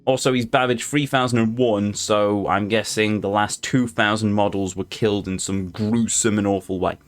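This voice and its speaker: A man's voice: on the low side, fairly even intonation, normal speed. A man hosting a let's play, talking through the game in a playful, gushing way. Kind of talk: casual gameplay commentary.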